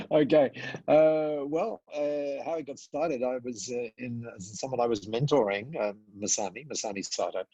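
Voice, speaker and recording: An older man, a podcast guest, telling a story in conversation, acting out the dialogue with many pauses and repeats. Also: mid-range voice, mellow, husky, no echo, highs cut off.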